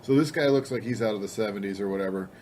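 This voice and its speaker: A man's voice: lowish voice, rapid-fire, a little mellow, slight background noise. A man on a casual motorcycle talk show, telling stories with dry sarcasm. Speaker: podcast co-host. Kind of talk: casual banter.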